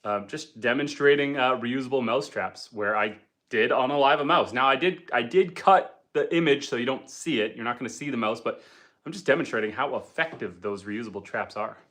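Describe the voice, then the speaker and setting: A man's voice: medium pitch, fairly quick, fairly bright tone. A man hosting a homestead livestream from home by the fire, chatting easygoingly and reading out viewer comments. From Canada. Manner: easygoing, chatty, with frequent ums and uhs. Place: indoors at home by a wood stove fire.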